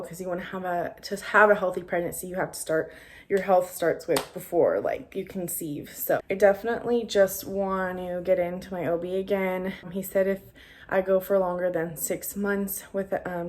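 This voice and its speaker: A young woman vlogging to camera in a relaxed chat full of fillers. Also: on the low side, normal speed. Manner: chatty, many fillers. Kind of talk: casual talk to camera.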